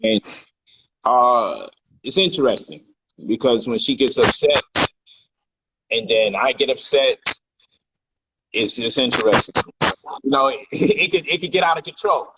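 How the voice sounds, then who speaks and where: Bright, animated man telling a story. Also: medium pitch, highs cut off, slight background noise. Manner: animated, profane, acts out heated quotes loudly. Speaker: guest telling a personal story. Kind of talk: casual storytelling on a livestream. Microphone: phone or livestream mic.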